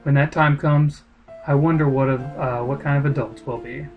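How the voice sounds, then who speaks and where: A man reading the lines of a gentle, wistful young village girl in a video game, soft and earnest. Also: mid-range voice, fairly even intonation, normal speed, phone-quality sound, soft background music, close to an everyday voice.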